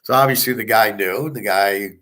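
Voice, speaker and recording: A man's voice: lowish voice, normal speed, a bit bright. A man giving a profane, scornful monologue as a sports handicapper and commentator, talking bluntly. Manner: blunt, scornful, swearing often.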